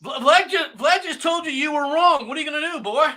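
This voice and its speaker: Field. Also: male voice, very high-pitched, fairly quick. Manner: angry, sarcastic, mocking, often shouting. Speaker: political talk show host. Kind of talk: ranting political commentary.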